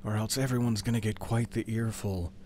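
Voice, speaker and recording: A man's voice: lowish voice, steady tone, brisk, darkish tone, slight background noise. A man giving casual, playful commentary while streaming a video game, bantering with wry jokes.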